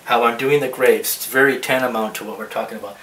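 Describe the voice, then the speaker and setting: A man's voice: medium pitch, fairly even intonation, fast talker, fairly bright tone. A man teaching a drawing lesson as he works, thinking aloud and rambling, with many restarts. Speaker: art teacher. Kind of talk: drawing demonstration. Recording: roomy echo, mic at a distance, faint hiss.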